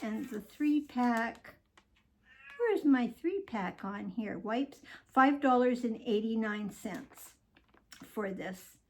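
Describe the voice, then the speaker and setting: A woman's voice: fairly high pitch, animated, slow, a little mellow. An older woman chatting to viewers as she shows off her grocery haul, rambling and cheerful. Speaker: vlogger showing a grocery haul. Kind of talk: casual chatty haul vlog.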